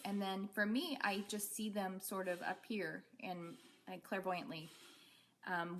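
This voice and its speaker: A woman's voice: mid-range voice, slight background noise. A woman teaching a casual online class as an animal communicator, rambling along with many fillers and restarts.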